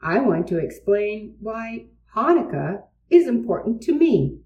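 A woman's voice: medium pitch, big pitch swings, a little slow, highs cut off. A woman voicing a sincere young girl explaining something dear to her, in a storybook reading recorded in a roomy space. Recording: roomy, distant mic.

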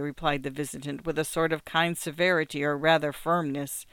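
Smooth-voiced male literary narrator. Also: on the high side, flat delivery, fairly bright tone, dry recording. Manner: measured, literary storytelling. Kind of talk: scripted narration of a classic story.

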